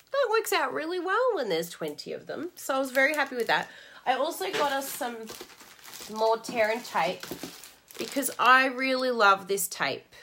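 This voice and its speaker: A woman's voice: fairly high pitch, a bit bright, slight background noise. A woman from Australia with an Australian accent, chatting casually and bubbly to live-stream viewers about crafting, laughing often. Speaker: stamping and craft demonstrator.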